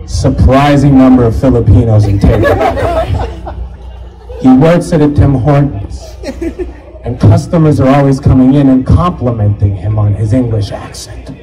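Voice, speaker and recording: A man's voice: mid-range voice, rough recording. A young man doing a stand-up comedy set on stage, working the crowd and acting out voices. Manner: animated crowd work, acts out voices. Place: comedy stage before a live audience. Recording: live crowd laughing. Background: audience laughter.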